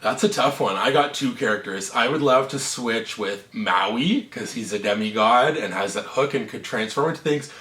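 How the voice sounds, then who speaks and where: A man's voice: medium pitch, moderate pace, few pauses, fairly bright tone. Young male co-host, easygoing and rambling, roomy distant sound. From Canada. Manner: chatty, laughs easily, rambling. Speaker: channel co-host. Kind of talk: casual Q&A chat. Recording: roomy echo, mic at a distance.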